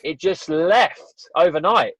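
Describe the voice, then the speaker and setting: A man from England, guesting on a podcast, takes his time telling a personal story in a casual interview, earnest and rambling with frequent "you know" and "right?". His voice is a little high, fairly bright and slightly rough, with lively intonation. The recording is dull and dry, with no echo.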